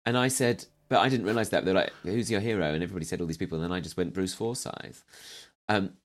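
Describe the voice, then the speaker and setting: A man's voice: deep voice, rapid-fire. Wry, well-spoken man telling stories. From southeast London. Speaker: stand-up comedian, guest. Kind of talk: casual chat.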